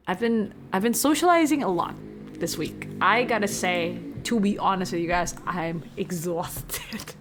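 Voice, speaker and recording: A young woman hosts a relaxed live stream, chatting with viewers and reading their messages aloud, giggly and talkative as she slides from a soft, hushed voice into sudden bursts of excitement. Her voice is medium-pitched and unhurried, with a little hiss or hum in the audio.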